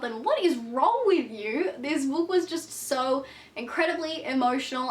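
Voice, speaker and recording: A woman's voice: high-pitched, a bit bright, far from the mic. A young woman with a sick, congested voice, chatting casually and emphatically as a book vlogger. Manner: chatty, emphatic, self-deprecating. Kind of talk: casual vlog chat. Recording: echoey room, voice set back from the mic.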